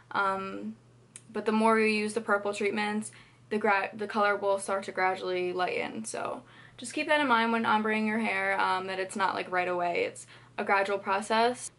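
A young woman talking casually to her camera as a beauty vlogger, chatty and relaxed, with lots of "like" and "um". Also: mid-range voice. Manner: chatty, filler-heavy with lots of "like" and "um". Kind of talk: casual talk-through to camera.

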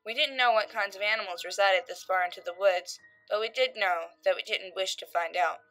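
A woman narrating a creepypasta horror story, voicing its characters with shifts in pitch and loudness. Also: brisk, rough recording. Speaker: creepypasta reader. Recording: faint background music.

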